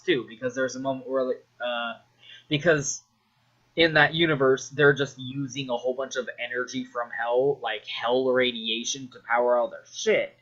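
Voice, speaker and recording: A man's voice: medium pitch, fairly bright tone, highs cut off. A man casually rambling about a video game he loves, full of fillers, restarts and swearing.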